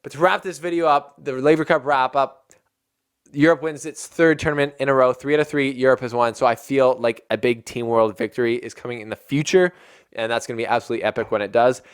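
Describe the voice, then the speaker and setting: A man hosting a casual tennis recap video, chatty and excitable and often breaking into laughter. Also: medium pitch, quick pace, clear, resonant tone.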